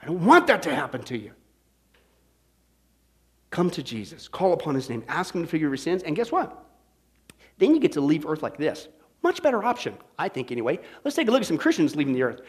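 A man preaching a sermon, emphatic and folksy, often checking in with his listeners and swinging between loud declarations and hushed asides. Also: a little high, big pitch swings, fast. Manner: folksy, asks the audience "right?".

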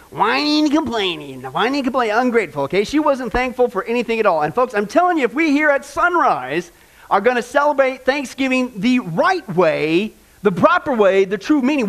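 A man's voice: very high-pitched, a bit bright. A man pastor giving a folksy sermon, often asking the congregation questions.

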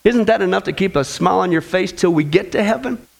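A man's voice: high-pitched, lively intonation, fast, vocal fry, slight background noise. A man preaching a sermon during a Bible study. He speaks emphatically and keeps asking the congregation rhetorical questions.

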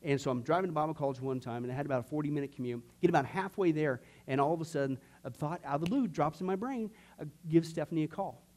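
A middle-aged man, a pastor, teaching a discipleship class by telling personal stories with jokes, asides and many fillers, acting out quoted voices from loud to near whisper. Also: fairly high pitch, fast talker, few pauses. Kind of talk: sermon-style teaching class.

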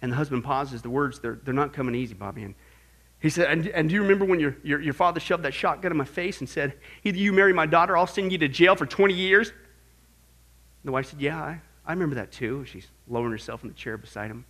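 A man preaching a sermon to his congregation, animated and joking, firing off rhetorical questions. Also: fairly high pitch, fast. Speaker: pastor.

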